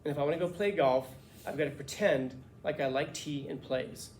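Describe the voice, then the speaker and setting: A man voicing a blunt, gruff husband who talks slowly and dryly and swears. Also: fairly high pitch, darkish tone, a little hiss or hum, natural voice. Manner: blunt, swearing, slow and dry.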